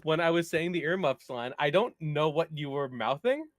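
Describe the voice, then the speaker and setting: A chatty man, co-hosting a relaxed gaming podcast. His voice sits a little high and sounds dry and close to the mic. He rambles through asides and laughs easily. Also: normal speed, no echo. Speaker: podcast co-host. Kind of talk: casual chat.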